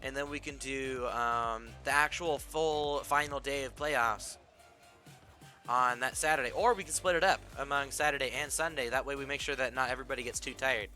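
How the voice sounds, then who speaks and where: A young man casting an esports match in a relaxed, rambling way, joking and filling gaps with "you know". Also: mid-range voice, normal speed, faint music behind. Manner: rambling, joking, many fillers. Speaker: esports caster. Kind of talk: casual play-by-play commentary.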